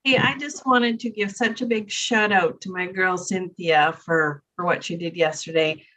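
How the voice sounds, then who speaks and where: A bubbly woman chats excitedly on a video call. Her voice sits a little low and sounds as if it comes from some distance from the mic. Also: normal speed. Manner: bubbly and chatty. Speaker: meeting participant.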